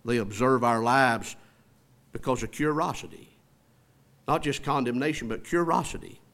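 A man with a Southern US accent preaching a sermon, calling for amens and building to loud, slowed-down emphasis before dropping back low and soft. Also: animated, vocal fry. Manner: call-and-response preaching, asks for amens; swells loud and slows for emphasis, drops low and soft after. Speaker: pastor.

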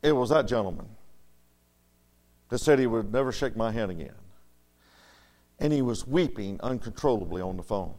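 A man preaching a storytelling sermon in a folksy way, dropping to soft murmurs and rising to loud, emphatic lines. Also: fairly low pitch, lively intonation, moderate pace, long pauses.

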